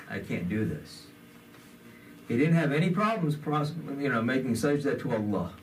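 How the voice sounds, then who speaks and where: A man's voice: mid-range voice, recorded from a distance, a little hiss or hum. A man giving a conversational sermon, with many fillers, in a community center hall. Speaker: imam.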